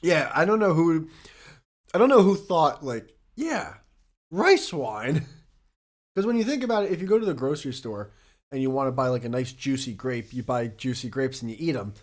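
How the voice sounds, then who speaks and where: A man chatting casually as a podcast guest, telling animated stories and laughing a lot. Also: medium pitch, fairly quick.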